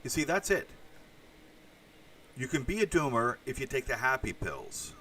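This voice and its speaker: Man, casual livestream host, rambling, sharp bright voice, distant mic, faint background noise. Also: mid-range voice, big pitch swings, moderate pace. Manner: rambling, with asides and crude swearing. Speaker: podcast host reading live chat.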